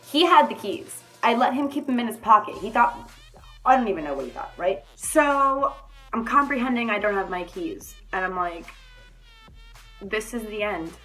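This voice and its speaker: A young adult woman telling a story in a casual vlog, animated and swearing freely. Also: on the high side, normal speed, soft background music. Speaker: vlogger.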